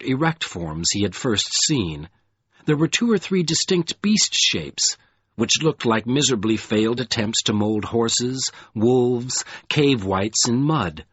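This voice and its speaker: Husky male audiobook narrator. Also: mid-range voice, dry recording, dull audio. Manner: expressive, dramatic reading.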